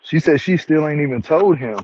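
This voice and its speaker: A man's voice: a little high, fairly quick, darkish tone, muffled recording, a little hiss or hum. A man hosting a casual review chat at home, talking in a laid-back, slangy way and chuckling often. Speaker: show review host.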